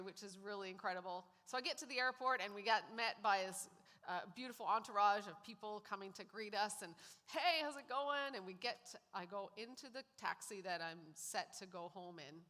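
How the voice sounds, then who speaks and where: A woman's voice: mid-range voice, pushed and bright. A woman sharing a personal testimony at a church service, telling her story and acting out what people said. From Canada. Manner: storytelling, acts out quoted lines. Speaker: guest speaker sharing testimony. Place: church sanctuary. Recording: long hall reverb in a church.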